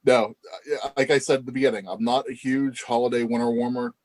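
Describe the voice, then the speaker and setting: A man's voice: mid-range voice, fairly even intonation, fairly quick, darkish tone. A man co-hosting a casual podcast, teasing his co-host and laughing often.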